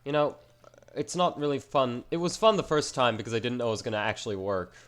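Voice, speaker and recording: A man's voice: medium pitch, expressive, quick pace. A man giving casual, rambling commentary over his own gameplay, self-mocking and slangy as he plays. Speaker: gaming channel host.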